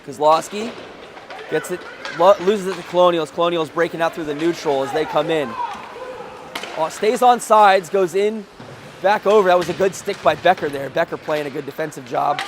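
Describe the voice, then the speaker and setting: High-voiced man calling a hockey game. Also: noisy background. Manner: rapid, excitable calls that rise sharply at big plays, joking asides. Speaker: play-by-play commentator. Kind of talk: live hockey play-by-play.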